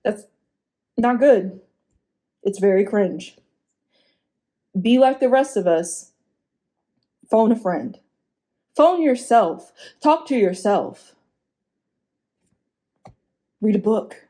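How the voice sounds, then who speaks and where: A woman's voice: very slow, pauses often. A woman giving casual, opinionated commentary as a vlogger, frank and chatty, laughing and swearing as she goes. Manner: lively pitch swings for emphasis.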